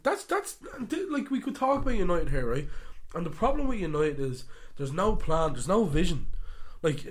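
Male podcast co-host, fairly high, lively ranter with loud-to-muttered swings. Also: normal speed. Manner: animated, ranting, swings between loud and muttered. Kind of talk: casual football chat.

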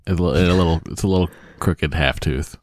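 A man co-hosting a casual podcast, joking and teasing in relaxed banter. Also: low voice, brisk, no echo, clean studio sound. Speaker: podcast co-host. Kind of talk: casual chat.

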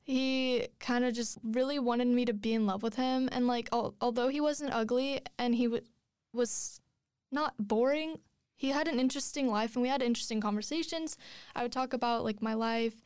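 A young woman in her twenties tells a personal story in loose, rambling chat, full of fillers and restarts. Her voice sits a little high and comes through smooth and clear. The recording is dry and close. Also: steady tone, moderate pace, darkish tone, dry recording. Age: 20s. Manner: rambling, many likes and restarts. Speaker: guest telling a personal story.

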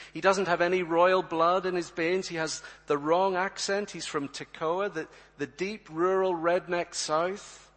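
A man's voice: high-pitched, fairly bright tone. A man preaching a sermon to his congregation, emphatic, full of rhetorical questions and direct appeals. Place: church. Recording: reverberant church hall.

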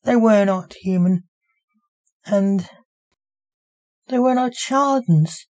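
A woman reading her own story aloud as its author, in an even, unhurried storybook narration. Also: medium pitch.

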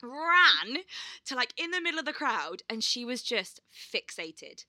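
A young woman chats on a podcast. Her voice is very bright and a little high, and the sound is dry and close. She talks in a lively way, laughs a lot and swears casually. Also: measured pace, no room sound. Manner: chatty storyteller, laughs often, swears casually. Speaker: podcast co-host. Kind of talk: casual chat.

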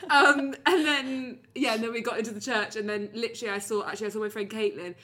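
A young British woman with a bright, clear, fairly high voice, chatting casually as a podcast co-host. She tells her story freely, laughs a lot and swears easily. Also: steady tone, fast. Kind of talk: casual chat.

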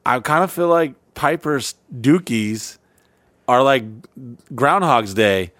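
A man co-hosting a podcast in casual, profane banter, rambling with restarts and sudden loud impressions. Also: mid-range voice, animated, slow pace, no room sound. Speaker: podcast co-host.

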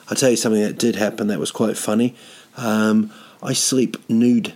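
A man's voice: lowish voice, fairly even intonation, moderate pace, darkish tone. A man, a touring comedian, talking at home in a casual, rambling monologue, hesitant with many ums and dry self-mocking humour. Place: at home, sitting indoors.

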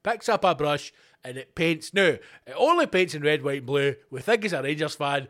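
A Scottish man rants through his own podcast with a high, lively voice. He swears freely and slips into quick acted-out exchanges between imagined people. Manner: sweary, animated, acts out little dialogues. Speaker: podcast host. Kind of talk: solo comedic rant.

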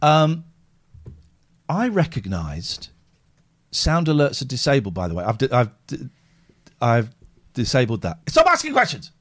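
Unhurried and pausing at length, a middle-aged man with a mid-range voice chats casually on his livestream. He turns lively for stories, acting out the voices in them.

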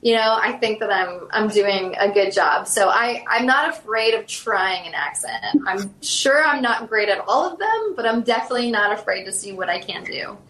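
Actress guest, Southern woman in her thirties, chatty storyteller, mid pitch, echoey room. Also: moderate pace, hardly any pauses. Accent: Southern American. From South Carolina. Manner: chatty, animated, many fillers. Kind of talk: casual interview storytelling.

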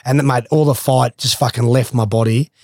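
A man's voice: medium pitch, normal speed, no room sound. Laid-back man telling a story. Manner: animated, swears freely, laughs mid-story. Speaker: guest, former footballer. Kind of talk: casual storytelling.

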